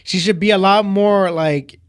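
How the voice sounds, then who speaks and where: A man's voice: sits high, steady tone, a little slow, smooth. A young man co-hosting a podcast, reviewing a film in casual chat, rambling with lots of filler words and getting heated. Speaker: podcast co-host.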